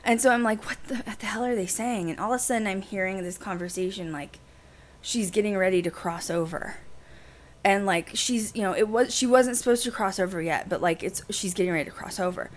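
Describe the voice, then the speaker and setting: Animated woman telling a story. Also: medium pitch. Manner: animated, fast, heavy use of "like". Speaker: podcast host. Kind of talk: casual storytelling to a livestream audience.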